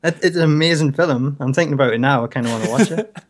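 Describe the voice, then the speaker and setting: Relaxed, slightly high male co-host. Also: fast. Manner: relaxed, hesitant, restarts words while working through a thought. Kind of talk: casual chat.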